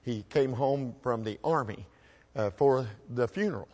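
A man at a microphone tells an audience a personal story in a plain, folksy way. His voice sits at an ordinary middle pitch for a man. He often stumbles and repeats a word before pressing on. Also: a little mellow. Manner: folksy, halting, repeats words while restarting. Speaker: speaker telling a personal story.

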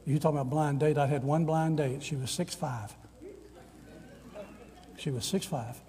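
Older preacher in a big hall. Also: male voice, on the high side, normal speed. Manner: animated storyteller, acts out quoted voices. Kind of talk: storytelling sermon. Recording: long reverb of a large hall.

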